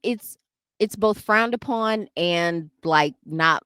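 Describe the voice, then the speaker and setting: Animated woman podcast co-host, dry sound. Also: lowish voice, takes it slowly, clean tone, dry recording. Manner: animated, laughing, acting out quotes. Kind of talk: casual chat.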